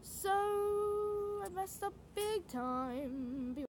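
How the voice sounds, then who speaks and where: A woman talking casually to her viewers on a live stream, chatty and apologetic, quick to giggle. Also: very high voice, lively intonation, soft background music. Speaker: reaction streamer.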